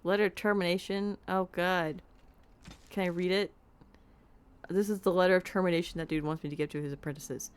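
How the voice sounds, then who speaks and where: A woman's voice: on the low side, fairly even intonation, brisk, long pauses, smooth. A woman casually chatting while streaming a game from her home setup, close on a desk microphone. Her talk is loose and self-deprecating, with asides to her cat. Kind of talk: casual let's-play chat.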